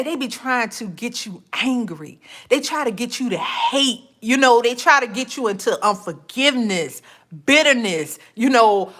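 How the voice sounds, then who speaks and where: A woman with a voice on the high side hosts a podcast, delivering a casual faith-based monologue. She's animated, laughs easily, and calls her listeners honey and child.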